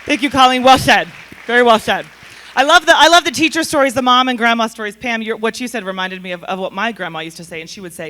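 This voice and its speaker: A woman's voice: medium pitch, brisk, sharp tone. A woman moderating a panel in an upbeat, encouraging way.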